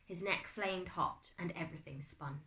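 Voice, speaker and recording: A British woman teacher reading a chapter book aloud to her class, expressive and dramatic. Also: lowish voice, moderate pace. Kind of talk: storybook read-aloud. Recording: echoey room.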